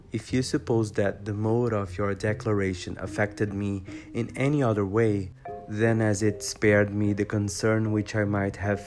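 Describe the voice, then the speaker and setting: A man voicing a spirited, indignant young woman in a storybook reading, with a forceful, accusing delivery. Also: lowish voice, close to an everyday voice. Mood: cold. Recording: guitar music behind voice.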